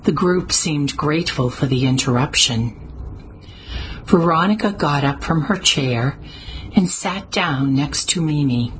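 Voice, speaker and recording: Low, slow woman narrating a mystery. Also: a little hiss or hum, rough recording. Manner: measured, even storytelling. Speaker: audiobook narrator. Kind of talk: scripted narration.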